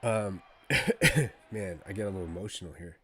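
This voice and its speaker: Low-pitched with a breathy edge, he narrates a fight live for his streamers at normal speed. He's rambling and worked up like a fan, turning to address the chat between calls.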